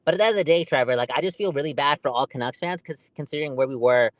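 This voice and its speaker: A man co-hosting a podcast, ranting in an animated, exasperated way. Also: on the high side, rapid-fire, no room sound, highs cut off. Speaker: podcast co-host. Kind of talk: heated casual podcast chat.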